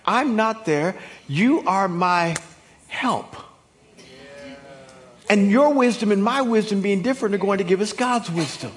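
A man in his fifties preaching a sermon in an emphatic, folksy way that rises to shouts. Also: sits high. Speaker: pastor.

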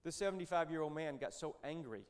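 A man's voice: a little high, expressive, fast talker, smooth. A man in his fifties, a Christian businessman, telling a story in a church talk in a conversational, folksy way with joking asides.

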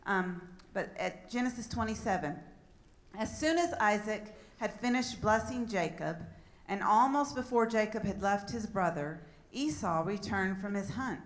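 Relaxed woman preaching a sermon. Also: mid-range voice, unhurried. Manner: relaxed, laughs at her own slips. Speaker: pastor. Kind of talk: sermon with Bible reading.

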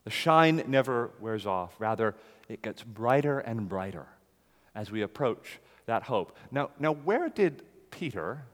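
Man, preacher, sermon, emphatic swells and low drops, mid-pitched voice, long hall reverb, church sanctuary. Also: sing-song, unhurried. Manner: emphatic, swells louder on key phrases and drops low after.

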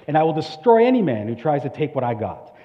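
A man putting on the gruff, menacing voice of a tough boxer character, loud and growling. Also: fairly high pitch, big pitch swings, quick pace. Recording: echoey hall, dull lo-fi sound.

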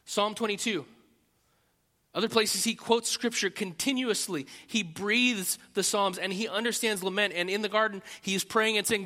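Bright-voiced male pastor preaching in a hall. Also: high-pitched, moderate pace. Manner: animated, acts out prayers with loud rising pleas, frequent restarts. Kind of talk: sermon.

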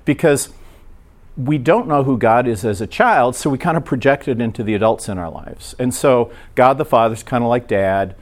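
A man preaching, telling a personal story in a relaxed, conversational way and acting out the voices of the people in it. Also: mid-range voice, normal speed. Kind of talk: sermon storytelling.

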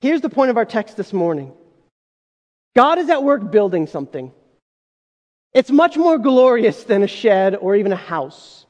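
A man's voice: sits high, big pitch swings, normal speed, long pauses, darkish tone, lo-fi sound. A man preaching a sermon as pastor, talking conversationally and addressing the congregation with asides. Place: church sanctuary. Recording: long hall reverb.

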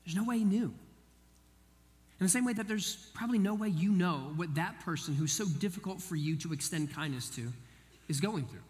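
A man with a fairly high voice preaches a sermon, telling a story in an animated way and acting out each person he quotes. His voice carries a long reverb, as if it is filling a church hall. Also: normal speed. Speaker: pastor.

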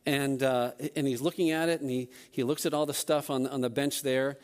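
A man, a church elder, telling a personal story during a service in a self-deprecating, animated way. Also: mid-range voice, brisk.

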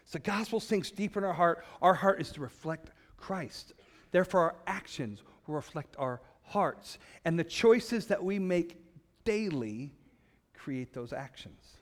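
A man preaching a sermon as a pastor, emphatic, with dramatic pauses. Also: fairly high pitch, animated, long reverb tail.

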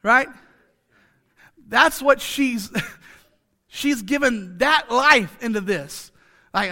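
Bright, high-voiced preacher man. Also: lively intonation, extremely slow, pauses often. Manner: conversational, joking, with many rhetorical asides; repeats phrases for emphasis. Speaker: pastor. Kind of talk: sermon.

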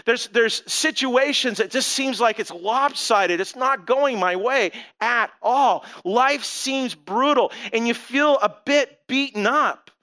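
A male pastor delivers a sermon in a relaxed, storytelling manner, breaking into animated asides. His voice sits high and sounds crisp and clear throughout. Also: slow pace, few pauses.

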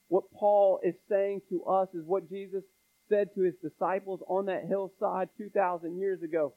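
A man's voice: sits high, little pitch movement, normal speed. A man preaching a sermon, pressing the congregation with pleading rhetorical questions. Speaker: pastor. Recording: tinny phone-like sound.

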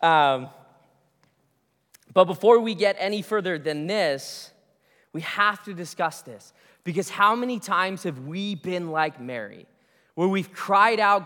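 Male pastor, bright high voice, chatty sermon delivery, long hall reverb. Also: expressive, measured pace. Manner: conversational, restarts phrases, storytelling asides.

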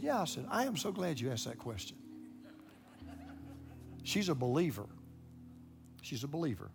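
Older pastor preaching over soft guitar. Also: male voice, medium pitch, moderate pace, vocal fry, long pauses. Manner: animated, repeats words when excited, acts out quoted voices. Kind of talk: sermon storytelling.

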